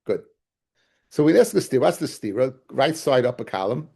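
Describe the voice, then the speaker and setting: This Talmud study lecture is led by a man whose mid-range voice is gravelly, a little mellow, animated, and fairly quick. He keeps asking the class, guys and fellas to him, whether they understand, repeating key phrases and restarting to hammer points in.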